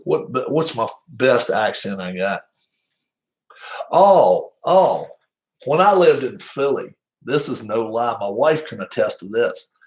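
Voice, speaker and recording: A man's voice: medium pitch, animated, slow pace, lo-fi sound. A man with a Southern American accent, casually calling the plays of a tabletop baseball replay, rambling and chuckling often at himself. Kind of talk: casual play-by-play chat.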